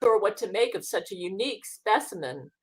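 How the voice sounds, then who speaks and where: Woman reading a story, animated delivery. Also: medium pitch, a little fast. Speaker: author reading her story. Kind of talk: reading aloud a comic story.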